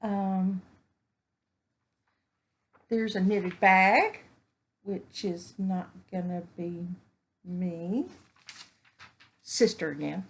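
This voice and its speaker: A woman, chatting casually while unboxing crafts at home, gushing and exclaiming over each find. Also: mid-range voice. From Texas. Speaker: vlogger. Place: home indoors, evening.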